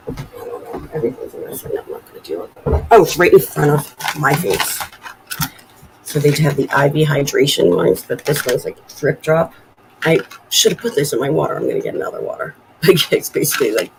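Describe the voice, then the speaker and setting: A woman's voice: low-pitched, creaky, darkish tone, a little hiss or hum, low-quality recording. A woman in her forties hosting a casual live stream from home, rambling and chatty as she reads viewer comments aloud. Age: 40s. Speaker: livestream host.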